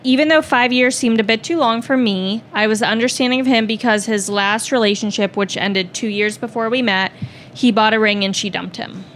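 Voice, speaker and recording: A woman reads a story aloud on a podcast at a steady, even pace, breaking in now and then with short asides. Her voice sits a little high, with a faint hiss of noise underneath. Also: normal speed. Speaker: podcast co-host reading a story.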